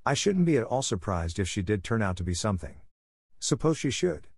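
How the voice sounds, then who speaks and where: A man's voice: fairly low pitch, very animated, brisk, vocal fry, a little mellow, dry recording, clean studio sound, heavily acted. A man reading an audiobook voicing a gossipy schoolgirl who talks eagerly. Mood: excited.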